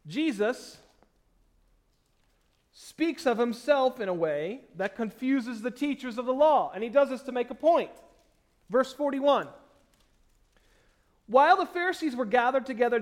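A male pastor preaches a sermon, reading scripture aloud in slow, stressed phrases. He swings from loud emphasis to quiet asides, and his voice is very high-pitched.

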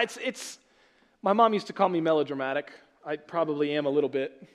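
A man preaching a sermon as pastor, emphatic, asking rhetorical questions and swinging from loud to soft. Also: fairly high pitch, animated, a little fast.

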